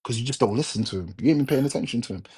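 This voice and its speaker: A man with a Jamaican accent holds forth on a live talk stream. His voice is mellow and husky, and he lectures emphatically, circling back to repeat each point. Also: mid-range voice, rapid-fire. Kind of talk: casual chat.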